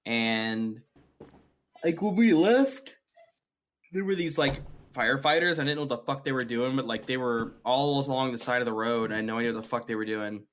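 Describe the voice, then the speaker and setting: A man's voice: mid-range voice, quick pace, hardly any pauses, a bit bright. A man co-hosting a casual podcast, telling stories in a rambling way with many fillers and frequent swearing. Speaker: podcast co-host.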